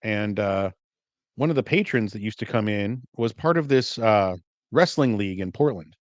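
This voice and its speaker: Relaxed man, dry close sound. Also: lowish voice, normal speed, no room sound. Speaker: podcast co-host. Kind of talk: casual storytelling chat.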